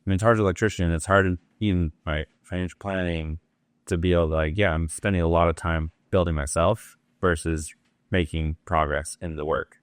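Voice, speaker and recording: A man hosting an interview, talking in a relaxed, reflective way and asking open questions. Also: low-pitched, a little fast, no room sound, studio quality. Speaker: host. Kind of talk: casual interview talk.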